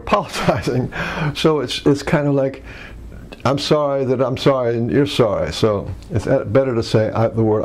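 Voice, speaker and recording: Male workshop presenter, mellow, rambling delivery with restarts. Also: lowish voice, slight background noise. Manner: rambling, many restarts and fillers. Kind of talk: teaching commentary.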